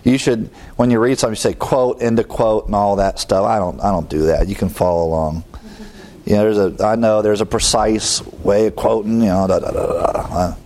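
A man teaching a Bible study verse by verse, with asides and quick jokes. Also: lowish voice, steady tone, darkish tone.

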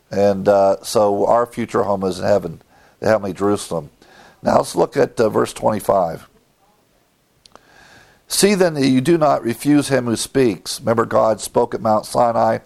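Male preacher, gravelly voice, sermon, acts out characters in quotes. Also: mid-range voice, a little mellow. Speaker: pastor.

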